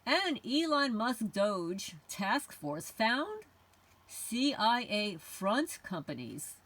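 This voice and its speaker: A woman's voice: on the high side, sing-song, drawn-out words, fairly bright tone. A middle-aged woman hosting a homesteading channel, delivering an indignant, confrontational rant aimed at unseen tormentors. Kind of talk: ranting monologue to camera.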